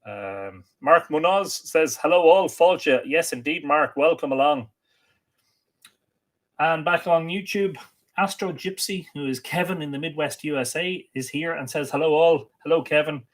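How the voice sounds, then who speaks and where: A man's voice: a little high, normal speed. A man hosting a casual livestream, reading out viewer comments and greeting them in a chatty, welcoming way. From Ireland. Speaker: livestream host.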